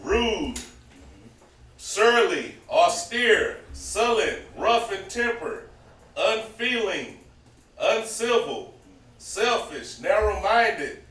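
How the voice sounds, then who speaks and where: A man in a Bible class reading scripture and definitions aloud in a slow, deliberate way. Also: high voice, sing-song, fairly bright tone. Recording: echoey room, heard from a distance.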